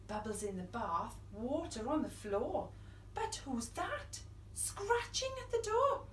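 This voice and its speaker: A young woman reads a picture book aloud to children, playful and dramatic, with hushed whispers and gasps. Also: high voice, big pitch swings, slow, roomy sound, far from the mic, a little hiss or hum. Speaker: children's storyteller.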